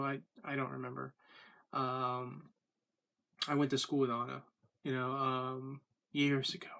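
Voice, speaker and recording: Vlogger man recapping his day; flat, even-toned, loose and rambling with fillers. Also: mid-range voice, gravelly. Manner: rambling, many fillers and restarts. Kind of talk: casual daily video diary.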